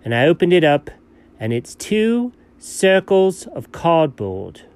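A man playing a scatterbrained, excitable male buddy in comedy banter, jumping between low mumbles and sudden high yelps. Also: takes it slowly, clear, resonant tone, dry recording, full character voice. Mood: goofy. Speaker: co-host.

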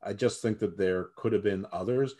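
A man's voice: fairly low pitch, moderate pace, warm tone, breathy edge. A man guest co-hosting a casual podcast, opinionated, often repeating words as he thinks. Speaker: guest co-host.

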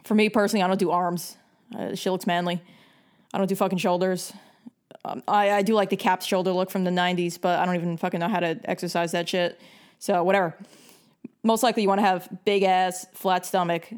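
A woman's voice: mid-range voice, darkish tone. A young woman from New York giving blunt, bossy advice in a casual rant full of swearing. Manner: blunt and heavily profane; bossy, lecturing.

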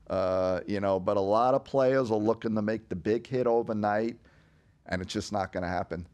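A man's voice: medium pitch, darkish tone. A man working as a sports betting advisor, speaking bluntly and with strong opinions in a casual chat.

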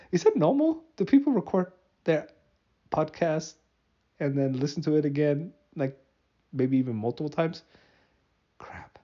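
A man's voice: a little high, animated, a little slow, pauses often, lo-fi sound. A man hosting a solo podcast, rambling and joking at his own expense, with many fillers and restarts. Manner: rambling, self-mocking, frequent fillers and restarts; laughs often at himself. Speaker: podcast host.

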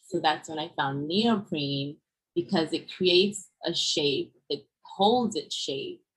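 A woman's voice: low voice, takes it slowly, husky, rough recording. A young woman designer telling her story in a casual podcast interview, full of fillers like "like" and "you know". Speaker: fashion designer guest.

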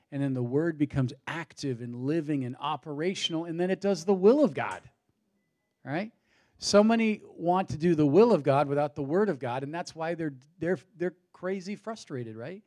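A pastor preaches a sermon in a fairly high voice with a dark tone, asking rhetorical questions and building his points with rising emphasis. At times he sounds out of breath.

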